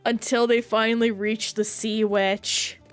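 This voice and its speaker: A woman's voice: a little high, level tone, a little slow, smooth, faint music behind. A woman streaming a game, chatting casually and rambling while reacting to play and chat.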